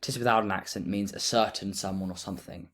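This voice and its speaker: A man explaining grammar in a relaxed lesson, thinking aloud as he writes notes. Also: fairly low pitch, fast. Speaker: teacher.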